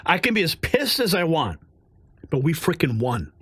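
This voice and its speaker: Male commentary host, angry and mocking, slows down to hammer points, somewhat high pitch. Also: very animated, fairly bright tone, slightly rough, no echo, studio quality. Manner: heated, sarcastic, drawn-out emphasis.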